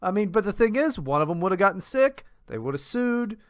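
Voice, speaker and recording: A man's voice: high voice, big pitch swings, fairly quick, clean tone, dry recording, studio quality. Profane, exasperated podcast co-host man. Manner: profane, exasperated ranting with restarts. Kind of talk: casual chat.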